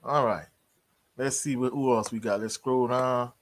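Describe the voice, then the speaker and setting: A man's voice: mid-range voice, steady tone, measured pace, slight background noise. Laid-back slangy man hosting live sports talk. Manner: laid-back, slangy, greets chat members. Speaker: sports livestream host.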